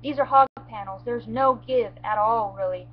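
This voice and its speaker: A woman telling how she rescued her injured baby goat, in a halting, emotional way with many restarts and near tears. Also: on the high side, lo-fi sound, a little hiss or hum. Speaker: goat owner telling what happened. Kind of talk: emotional first-person storytelling.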